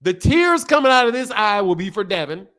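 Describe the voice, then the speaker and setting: A man's voice: high-pitched, sing-song, brisk, a bit bright. A man hosting a boxing channel, talking bluntly and profanely and repeating himself as he rants at his viewers in heated casual commentary.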